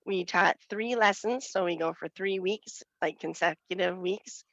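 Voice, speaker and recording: A woman with a Western Wisconsin accent talks through a head cold, her voice nasal with a gravelly edge. She reports in a chatty way, with small laughs between points. The sound comes over a dull, lo-fi video call. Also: fairly low pitch, measured pace, a bit bright, no room sound. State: congested with a cold. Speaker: nutrition educator. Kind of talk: meeting report.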